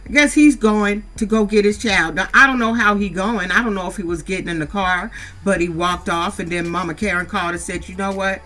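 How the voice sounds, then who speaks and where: A woman's voice: medium pitch, fairly quick, hardly any pauses, sharp tone, soft background music. Blunt, scolding middle-aged woman. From San Diego, USA. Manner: blunt, scolding, swears freely. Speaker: reality TV recap vlogger. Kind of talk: casual profane recap commentary.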